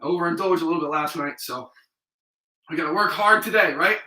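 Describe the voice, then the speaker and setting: A man's voice: a little high, brisk, pushed and bright. A young man leading a live workout class, encouraging and counting reps while he exercises, out of breath. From New York or Vermont, US. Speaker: fitness instructor. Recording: roomy sound from a distant mic.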